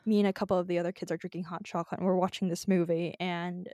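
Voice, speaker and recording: A woman's voice: on the low side, little pitch movement, rapid-fire, mellow, no room sound, clean studio sound. A woman co-hosting a podcast in casual chat, giggly and emotional, laughing often. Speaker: podcast co-host.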